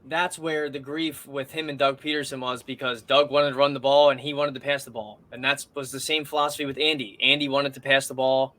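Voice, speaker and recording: A man's voice: medium pitch, flat delivery, a little fast, hardly any pauses, pushed and bright. A man co-hosting a podcast in casual sports chat, arguing his points emphatically. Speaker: podcast co-host.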